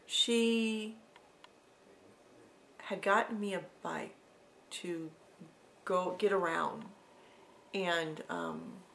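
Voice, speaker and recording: A middle-aged woman telling an emotional personal story in a vlog, halting and sometimes dropping to a soft whisper. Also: fairly low pitch, gravelly, slight background noise. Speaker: vlogger.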